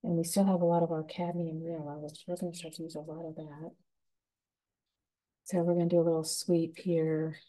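A woman giving a gentle, unhurried step-by-step painting lesson as the instructor. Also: deep voice, flat delivery, rough recording.

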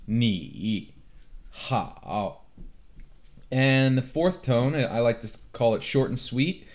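A man teaching a Chinese lesson, slowly drilling numbers and tones with his students. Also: medium pitch. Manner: very slow and deliberate, modelling tones. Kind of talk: classroom lesson, drilling pronunciation.

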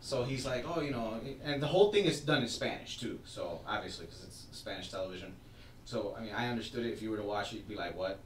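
A man's voice: mid-range voice, recorded from a distance, slight background noise. A man co-hosting a podcast, chatting casually and animatedly as he retells a story and acts out the quotes. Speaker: podcast co-host. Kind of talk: casual wrestling chat. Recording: roomy, off-mic with faint ambience.

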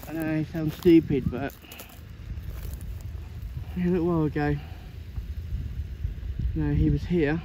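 Earnest English vlogger, higher voice, field mic, loud engine noise behind. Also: male voice, a little slow, long pauses. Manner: earnest, excitable, chatty. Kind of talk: casual handheld commentary. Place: outdoors in a farm field. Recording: outdoor noise of steam engines.

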